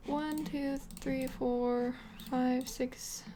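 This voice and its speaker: Chatty excitable young woman narrating. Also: a little high, unhurried, noisy background. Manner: chatty, excitable, many fillers and gasps. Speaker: Sims gameplay vlogger. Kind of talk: casual gameplay narration.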